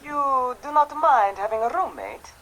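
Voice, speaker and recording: An actress playing a vain, chatty Venetian landlady in a mystery game, with a lively, theatrical delivery. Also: sits high, measured pace, full character voice, rough recording. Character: tanned Italian landlady in Venice, vain, chatty. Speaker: game character.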